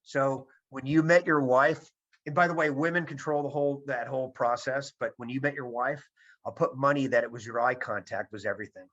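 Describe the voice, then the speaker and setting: A man's voice: medium pitch, fast, fairly bright tone. A man giving a seminar talk to a virtual audience over a video call, emphatic and repeating his key points. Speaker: presenter. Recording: dull lo-fi sound.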